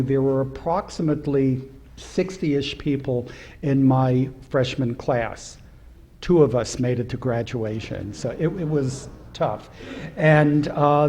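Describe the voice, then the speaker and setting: A man's voice: on the high side, mellow, a little hiss or hum. Older man telling funny life stories. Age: 70s. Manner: storytelling with humor, acts out quoted voices. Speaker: rabbi. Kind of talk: anecdotal speech at a celebration. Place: synagogue hall at an event.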